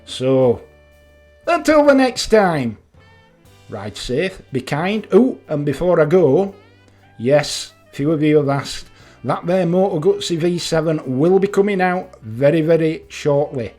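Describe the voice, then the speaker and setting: A man's voice: a little high, animated, unhurried, dark tone, soft background music. An older Yorkshire man vlogging about motorcycling, telling chatty, self-mocking jokes and laughing at them. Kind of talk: casual humorous monologue.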